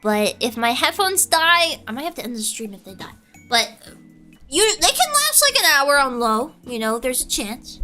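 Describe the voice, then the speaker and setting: A young woman streamer chatting loudly with her chat, nearly yelling every word and often giggling. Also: on the high side, big pitch swings, a little fast, faint music behind. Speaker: VTuber streamer. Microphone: headset.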